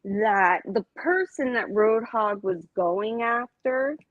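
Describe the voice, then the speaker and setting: A woman's voice: fairly high pitch, expressive, takes it slowly, dry recording, lo-fi sound. A woman, a co-host telling gossip dramatically in a casual live-stream chat.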